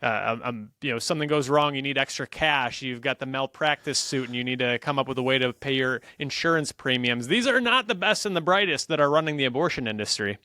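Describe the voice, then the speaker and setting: A man hosting a podcast who speaks in a measured, thoughtful way and stops to rephrase. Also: medium pitch, pushed and bright, clean tone, dry recording, clean studio sound. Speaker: podcast host. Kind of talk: casual podcast conversation.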